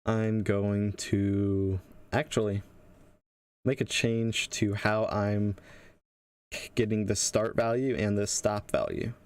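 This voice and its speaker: A man with a somewhat low voice works through a game-development tutorial live. He talks casually and thinks aloud, pausing and restarting his sentences as he goes. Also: flat delivery, a little mellow, smooth. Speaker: game developer teaching on a livestream.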